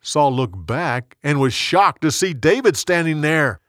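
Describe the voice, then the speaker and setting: A man narrating a Bible story in a slow, expressive storytelling manner. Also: fairly high pitch, dry recording, clean studio sound.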